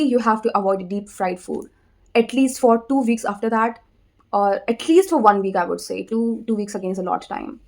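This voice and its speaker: A young woman with an Indian accent, a native Hindi speaker, giving casual advice in a vlog. She talks conversationally, repeats her words, pauses to think and keeps tagging her sentences with "okay?". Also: medium pitch, a little mellow. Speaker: vlogger.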